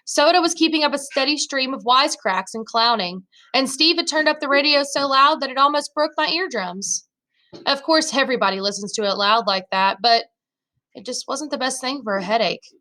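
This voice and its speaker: Bright-voiced woman reading a novel aloud. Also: high voice, moderate pace. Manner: first-person narration with dialogue voiced in her own voice.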